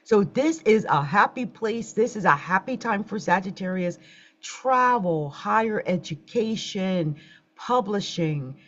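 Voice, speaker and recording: A woman hosting a relaxed astrology livestream talks to her viewers in a medium-pitched, expressive voice at a measured pace. She's chatty and easily flustered by technical glitches, heard through dull lo-fi livestream sound.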